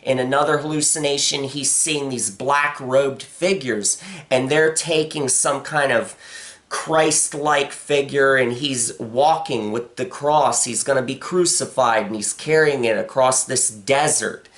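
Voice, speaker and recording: A woman giving a casual, rambling film review, swearing freely and filling pauses with "uh" and "like.". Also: a bass voice. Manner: rambling, profane, frequent fillers.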